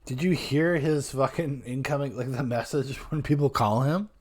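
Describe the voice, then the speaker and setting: A man's voice: medium pitch, moderate pace. A man hosting a podcast, reacting to clips with blunt, indignant and profane commentary, sometimes mimicking other people. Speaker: podcast host. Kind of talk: casual commentary.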